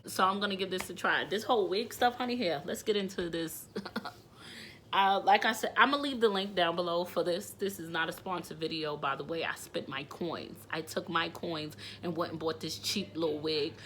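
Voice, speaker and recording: Bright-voiced woman venting in a vlog. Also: lowish voice, normal speed, a little hiss or hum. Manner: rambling and emotional, swinging from hushed asides to loud outbursts. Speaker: vlogger and mother. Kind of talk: candid talking-to-camera vlog.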